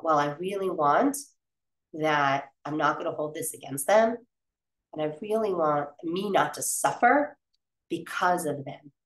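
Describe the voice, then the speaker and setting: A woman's voice: low-pitched, echoey room, distant mic, low-quality recording. A woman coach talking earnestly about feelings and eating, often drawing on her own family life. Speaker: wellness coach. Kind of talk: coaching talk.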